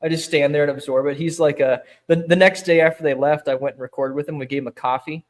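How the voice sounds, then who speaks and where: Speaking quickly with fairly even intonation, this guest has a higher-pitched voice and drifts through his stories in casual chat. He leans on plenty of fillers and laughs readily.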